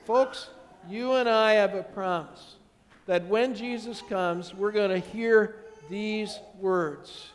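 A pastor delivers his sermon in a high, bright-toned man's voice, leaning on repeated phrases that swell in force. His words ring out with a long reverb trailing through the church sanctuary. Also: slow. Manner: emphatic, builds to rising repeated phrases.

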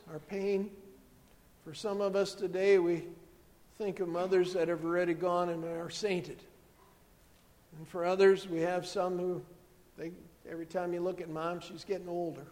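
A man preaching a sermon as pastor, telling stories and dropping to soft, hushed tones for emphasis. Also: high voice, in a large hall.

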